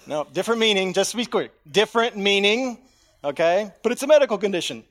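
A pastor delivers a sermon in a fairly high voice. He shifts often from near-whispers to loud, animated bursts and plays out the voices he quotes. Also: fairly quick, long pauses. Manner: dramatic, swings from hushed to loud, acts out voices in quotes.

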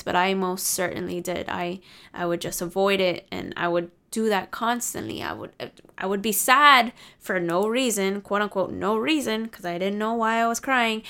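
Young adult woman, casual advice vlogger, smooth, confiding delivery. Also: medium pitch, a bit bright. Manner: candid, confiding, swears freely.

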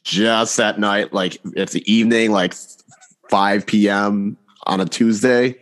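A man's voice: on the low side, fairly even intonation, takes it slowly, a bit bright. A man co-hosting a casual sports podcast, cutting in with blunt, dismissive remarks. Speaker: podcast co-host.

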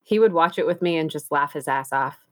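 A woman's voice: sits low, fairly quick. Blunt, profane young woman chatting. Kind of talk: casual chat.

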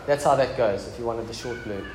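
A man's voice: mid-range voice, brisk. A man preaching a casual, joking sermon in a church hall. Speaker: pastor. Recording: echoey church hall with background noise.

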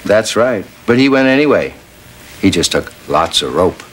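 A man's voice: lowish voice, big pitch swings, normal speed, heavy background noise. An older man guest-starring in a 1980s sitcom, friendly and dry with his jokes.

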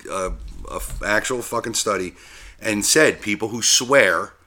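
A man's voice: fairly low pitch, a little slow, bright, forceful tone. A man co-hosting a casual podcast, teasing his partner with laughter and casual swearing. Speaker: podcast co-host.

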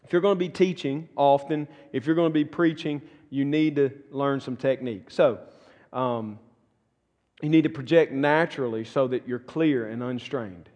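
Earnest Southern pastor in an echoey room. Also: male voice, a little high, normal speed, a little mellow. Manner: earnest, folksy, repeats words and restarts. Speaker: pastor teaching a class. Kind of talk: conversational teaching talk. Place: church classroom. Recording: long reverberant room echo.

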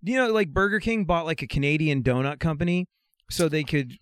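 A middle-aged man with a slight Anglo-American accent, telling stories in a lively, jokey way in a casual chat. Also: a little high, a little fast, clear, resonant tone, dry recording, clean studio sound. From America, raised mostly in England. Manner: animated storyteller, jokey. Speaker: radio host guest.

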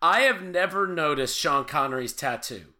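A man's voice: on the high side, animated, normal speed, bright, forceful tone. A man hosting a film podcast, talking casually with a joking, rambling manner. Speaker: podcast host. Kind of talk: casual chat.

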